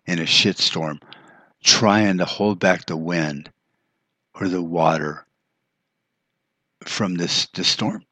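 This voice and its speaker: Low husky man ranting bluntly. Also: slow, pauses often, a bit bright, no room sound. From United States. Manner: blunt, heavy swearing, frustrated. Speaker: podcast host. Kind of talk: profane ranting monologue.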